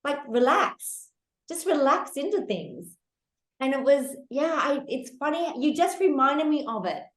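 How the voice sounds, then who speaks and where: A woman hosting a candid, casual podcast chat, animated and laughing, with casual swearing. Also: sits high, unhurried, roomy sound. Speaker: podcast host.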